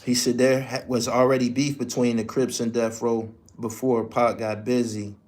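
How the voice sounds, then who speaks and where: A man's voice: mid-range voice, little pitch movement, moderate pace, a little mellow. A man hosting a podcast, telling a story in blunt, profane, emphatic casual commentary. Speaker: podcast host.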